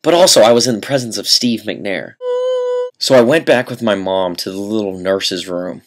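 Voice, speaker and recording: A young man telling a comic story to camera, deadpan and mock-earnest, with dramatic pauses. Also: fairly low pitch. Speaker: vlogger.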